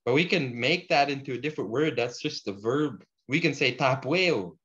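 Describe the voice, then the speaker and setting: A man leads a casual language class, drawing words out slowly for students to copy. His pitch sits in a middle range. The recording is a bit muffled and lo-fi. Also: a bit bright. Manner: slow deliberate pronunciation drills, casual fillers. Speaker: Cree language teacher. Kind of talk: relaxed language lesson. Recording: dull lo-fi sound.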